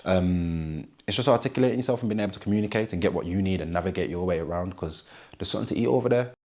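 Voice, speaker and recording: A man's voice: low-pitched, rapid-fire, a little mellow. A young man with a Wolverhampton accent, a rapper talking casually in an interview, full of street slang and "you get me" tags. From Wolverhampton, England.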